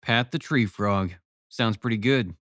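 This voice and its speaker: A calm, dry-witted man speaks low and understated, read by a man in an audiobook. The recording is close and dry. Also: measured pace, no echo.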